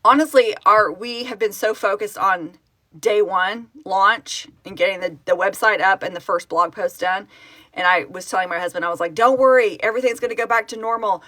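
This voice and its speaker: A woman's voice: mid-range voice, fairly even intonation, moderate pace, sharp tone, dry recording. A middle-aged woman chatting casually on a live stream as founder of a fan project, emotional and tearful as she reads out where viewers are from. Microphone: phone.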